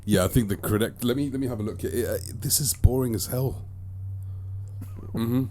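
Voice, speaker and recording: A man co-hosting a podcast in casual chat, animated and teasing, with crude banter. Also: mid-range voice, moderate pace. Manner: animated, swinging between mumbles and loud bursts. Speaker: podcast co-host.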